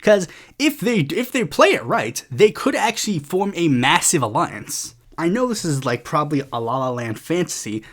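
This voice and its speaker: Animated, rambling podcast host. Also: mid-range voice. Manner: rambling, profane, sarcastic, with many fillers; acts out other people's lines in quick put-on voices. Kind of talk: casual political commentary.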